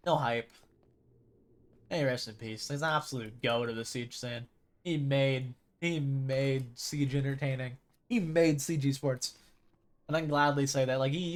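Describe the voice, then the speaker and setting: A man's voice: medium pitch, background noise. A young man streaming a video game, chatting casually and rambling as he plays. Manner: rambling, chatty, with sudden loud mimicking shouts. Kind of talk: casual gameplay chat.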